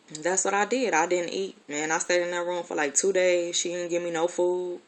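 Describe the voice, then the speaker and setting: Woman, adult, lowish voice. Casual personal storyteller, candid, swears freely, rambles with fillers. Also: little pitch movement, fairly quick, fairly bright tone.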